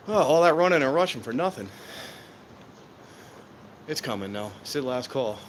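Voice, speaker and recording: Rambling, out-of-breath male streamer outdoors, background noise clearly audible. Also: fairly high pitch, animated, quick pace, fairly bright tone, low-quality recording. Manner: rambling, self-deprecating, thinking aloud. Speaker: train-watching streamer. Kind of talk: casual live-stream chat. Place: outdoors at a train station in rain. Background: outdoor ambience, clear background noise.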